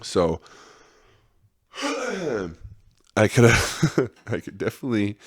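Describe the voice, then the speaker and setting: A man's voice: fairly low pitch, no echo, studio quality. A man hosting a podcast, talking in a rambling, profane monologue and laughing often. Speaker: podcast host.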